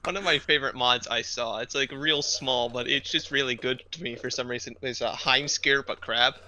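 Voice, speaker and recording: A man's voice: mid-range voice, fairly even intonation, moderate pace, sharp tone. A young man co-hosting a casual gaming podcast, making matter-of-fact remarks and corrections. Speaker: podcast co-host. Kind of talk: casual chat.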